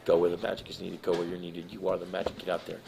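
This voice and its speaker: A calm, firm woman manager gives steady encouragement, as a male storyteller quotes her. The voice sits low with a gravelly texture. Her words come even and sure. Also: very fast, over music. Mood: encouraging.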